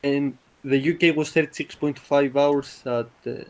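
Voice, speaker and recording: A man's voice: on the high side, steady tone, unhurried. A man from Greece co-hosting a casual podcast, arguing his point and reciting statistics. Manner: argumentative, cites figures. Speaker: podcast co-host. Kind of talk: casual group chat.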